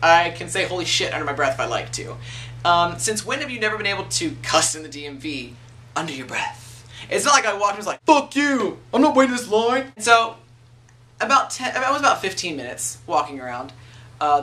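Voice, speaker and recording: Young man, early twenties, animated vlog storyteller, bright tone, slightly distant mic with faint hum. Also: fairly high pitch, quick pace. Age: 20s. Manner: animated, swears freely, acts out quoted people. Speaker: video blogger. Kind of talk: casual storytelling rant.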